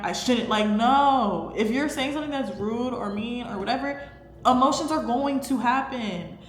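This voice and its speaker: Chatty young woman in an echoey room. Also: fairly high pitch. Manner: chatty, animated, emphatic with fillers. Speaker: podcast host. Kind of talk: casual faith talk to camera. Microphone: camera microphone. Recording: echoey room, faint background hum.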